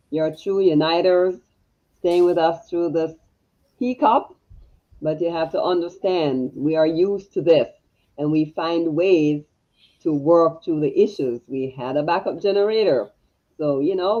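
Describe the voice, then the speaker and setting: Reassuring woman co-host explaining to viewers, dull lo-fi sound. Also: sits low. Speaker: livestream co-host. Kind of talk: casual chat.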